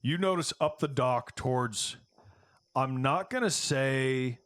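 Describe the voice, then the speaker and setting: A man narrating a tabletop game as its game master. His voice is mid-pitched and sounds dry and close to the mic. He describes scenes in a relaxed, halting way. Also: no room sound. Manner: casual, halting descriptions with fillers.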